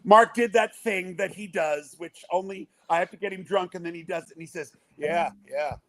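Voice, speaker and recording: A man's voice: high-pitched, steady tone, brisk, fairly bright tone. An older man, the father of the groom, telling a long wedding story on a podcast and acting out the quotes.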